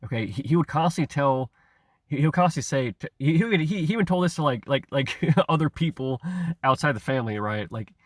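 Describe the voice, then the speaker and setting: A man's voice: medium pitch, animated, quick pace, no room sound, studio quality. A man delivering a rambling, profane rant, stammering and repeating himself, with chuckles between phrases. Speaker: online commentator. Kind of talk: ranting monologue.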